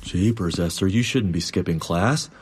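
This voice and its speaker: A young man performing a one-man theatrical monologue, narrating with vivid, animated storytelling. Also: low-pitched, moderate pace, breathy edge. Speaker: solo stage performer and narrator.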